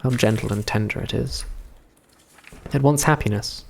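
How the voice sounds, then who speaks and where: A man's voice: lowish voice, moderate pace, vocal fry, pauses often, husky. Irreverent male streamer reading aloud. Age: 20s. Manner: irreverent, crude asides between reading. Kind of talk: reading a visual novel aloud live.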